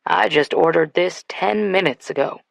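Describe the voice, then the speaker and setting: A woman voicing a dry-humored man in an audiobook, with a wry, deadpan delivery. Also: fairly low pitch, moderate pace, vocal fry, no echo.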